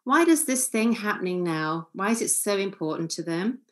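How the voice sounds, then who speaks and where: A woman giving a calm, earnest seminar lecture as a family therapist, acting out short example lines. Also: medium pitch, normal speed.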